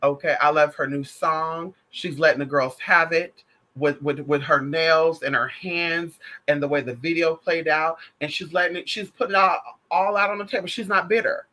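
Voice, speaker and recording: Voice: mid-range voice, steady tone, moderate pace, bright, forceful tone. A vlogger giving sassy, profane, gossipy pop culture commentary, calling the viewer girl and honey.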